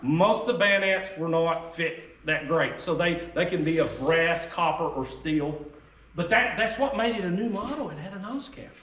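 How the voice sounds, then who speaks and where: A man's voice: a little high, expressive, normal speed, fairly bright tone. A man giving an informal, emphatic history talk to a group as a reenactor, in a folksy, conversational manner. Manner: folksy, emphatic, drawling asides. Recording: echoey room, voice heard from a distance.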